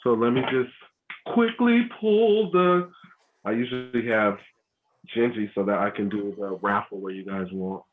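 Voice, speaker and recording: A man's voice: fairly low pitch, unhurried. A man hosting an online family workshop for a school, talking casually with many ums and restarts. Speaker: host of a school family learning session. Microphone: video call. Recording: tinny phone-like video call audio.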